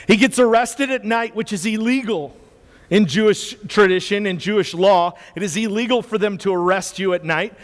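High-voiced preacher in a reverberant hall. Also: male voice. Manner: conversational, repeats words and asks the audience "right?". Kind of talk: sermon.

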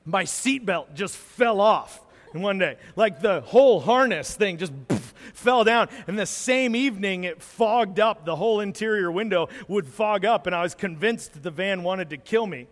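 A man, a pastor, telling a lively story from a mission trip during a sermon, acting out moments as he goes. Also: sits high, moderate pace. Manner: animated storyteller, acts out moments. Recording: long hall reverb.

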